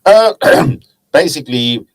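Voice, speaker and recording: A man's voice: a little high, expressive, slow, low-quality recording. A man with a German accent, a guest telling anecdotes in a casual chat about his woodturning club. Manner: chatty, laughs at his own anecdotes.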